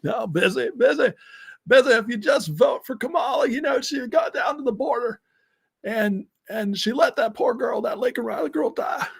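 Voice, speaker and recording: A high, shouting Southern-drawl old politician impression. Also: male voice, animated, normal speed, vocal fry, husky, full character voice. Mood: preachy. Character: raspy aging male ex-president impression, preachy Southern drawl.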